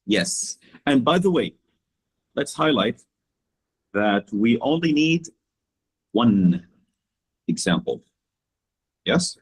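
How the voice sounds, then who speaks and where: A man co-hosting an English lesson in a live online session, lively and casual, asking the audience questions. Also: medium pitch, takes it slowly, pauses often, husky. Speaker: English teacher.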